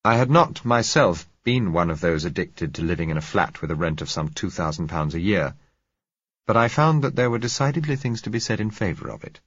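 A man reading a novel aloud as narrator, in a measured, dryly wry manner. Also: sits low, animated, slightly rough, no echo, lo-fi sound. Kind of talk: audiobook narration.

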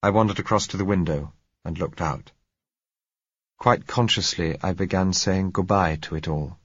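A man reading a novel aloud as scripted audiobook narration, measured and composed. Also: deep voice, slightly rough, dry recording. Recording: slightly dull recording.

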